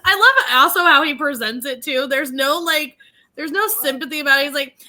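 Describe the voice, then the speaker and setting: A woman's voice: high-pitched, animated, normal speed, pushed and bright. A woman co-hosting a reality show podcast, chatting animatedly, laughing often and restarting her sentences. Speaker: podcast co-host. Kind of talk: casual chat.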